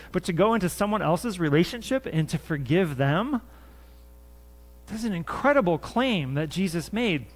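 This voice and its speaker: A man preaching a sermon in church as pastor, earnest and conversational, often repeating his phrases. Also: high-pitched. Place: church sanctuary.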